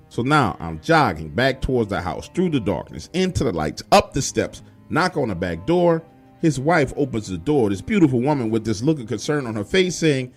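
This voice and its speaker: A man's voice: medium pitch, normal speed. Swearing guy telling a scary true story, voice all over the place, faint music behind. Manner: profane, animated street-style telling. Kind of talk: spoken true horror story.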